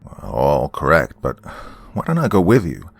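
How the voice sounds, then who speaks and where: Creepy drawling stranger, low and slow, narrator's put-on. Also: male voice, huge pitch swings, vocal fry, soft background music, heavily acted. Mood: menacing. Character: sinister skinny man with slow drawl.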